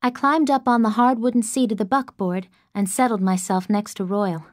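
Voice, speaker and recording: A woman narrating an audiobook in the first person, measured and expressive, close to the mic. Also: mid-range voice, dry recording.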